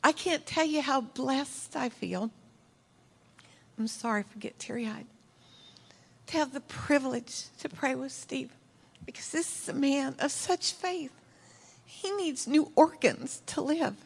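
A middle-aged woman giving a heartfelt sermon as a church speaker, telling stories earnestly and emotionally, sometimes dropping to a soft whisper. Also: high voice, measured pace, gravelly, pauses often. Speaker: church speaker leading prayer.

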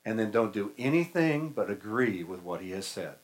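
A man's voice: on the low side, lively intonation, moderate pace, low-quality recording. A male preacher giving a sermon in a folksy, conversational and humorous way.

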